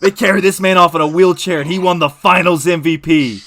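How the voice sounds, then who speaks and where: Bright-voiced man co-hosting a sports chat. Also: high-pitched, fairly even intonation, a little fast. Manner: reacts with laughs, acts out scenes. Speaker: podcast co-host.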